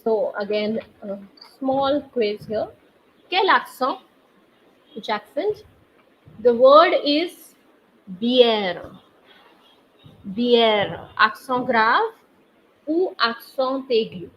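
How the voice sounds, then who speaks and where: Female online language teacher, high voice, very slow patient delivery, slightly dull audio with faint hiss. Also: animated. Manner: slow, patient, quizzes students via chat. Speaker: French teacher.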